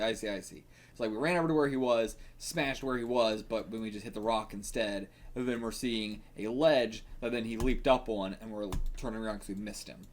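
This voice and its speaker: A man hosting a manga reaction video, talking casually to himself, swearing and laughing often. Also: medium pitch.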